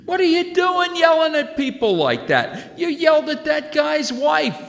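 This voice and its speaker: An older man voicing a stern father scolding his son in a loud, high-pitched voice. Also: moderate pace, vocal fry, heavily acted. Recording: long hall reverb.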